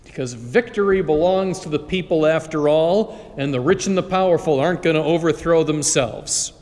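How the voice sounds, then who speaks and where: A pushy inner recruiter voice, put on by a priest. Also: male voice, on the high side, normal speed, darkish tone, lightly acted. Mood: coaxing. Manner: persuasive, salesy. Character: pushy recruiter voice in a man's head. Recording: long church reverb.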